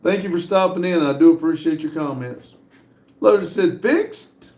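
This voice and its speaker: Live-stream host, male, gravelly and slightly high voice, roomy echo, reads chat aloud haltingly. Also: a little mellow. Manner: reads comments aloud with frequent "uh" pauses. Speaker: livestream host reading viewer chat.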